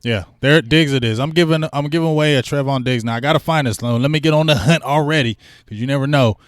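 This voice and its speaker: A man's voice: medium pitch, fast, no room sound, clean studio sound. A man hosting a sports talk livestream, chatting casually in slang and hyping up donations to his viewers. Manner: animated, slangy, hypes donations. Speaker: sports talk show host.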